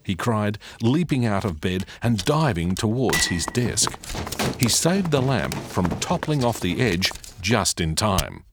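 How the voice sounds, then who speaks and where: A man narrating a children's read-along audiobook in a slow, expressive reading style. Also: lowish voice, heavy background noise.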